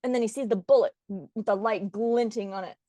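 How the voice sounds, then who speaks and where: A woman retelling a film plot in an excited casual chat, gushing and laughing often. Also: a little fast, no room sound. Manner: gushing, laughs often, does low gruff voices for quoted characters. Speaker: podcast co-host retelling a film.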